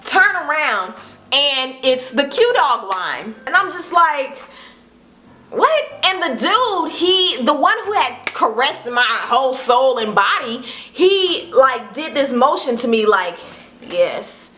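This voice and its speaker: A woman in her twenties, a vlogger telling a casual storytime, animated and acting out what people said. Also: high-pitched, slow, slight background noise. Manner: animated, acts out quotes with laughs.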